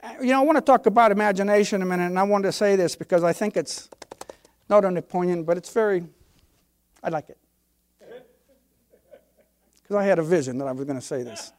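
A man's voice: sits high, a little fast, long pauses. An older man, a pastor, preaching a sermon with emphatic, folksy delivery and homespun stories.

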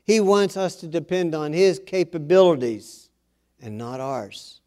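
A man delivering a sermon at an unhurried, drawn-out pace. His voice sits a little higher than most men's, and he builds from quiet, earnest teaching into raised, forceful exhortation. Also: lively intonation. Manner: earnest preaching, swelling louder and higher when exhorting; self-deprecating asides. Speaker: preacher.

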